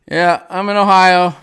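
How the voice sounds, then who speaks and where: A man chatting on a casual livestream, reading out viewer comments and rambling through his thoughts with plenty of ums, restarts and small chuckles. His voice sits high and sounds bright and crisp. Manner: rambling, hesitant, many fillers and restarts; chuckles often while talking.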